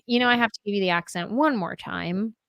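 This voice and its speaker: A woman's voice: mid-range voice, brisk, creaky, no echo, highs cut off. Woman, host, playful, bubbly, dry close sound. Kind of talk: live-streamed interview chat.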